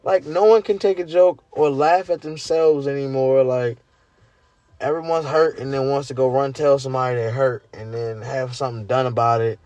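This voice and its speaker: A man, ranting casually and incredulously to his viewers, swearing and climbing high in pitch when worked up. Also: steady tone, moderate pace, darkish tone, dry recording, lo-fi sound. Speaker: vlogger. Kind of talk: casual rant to camera.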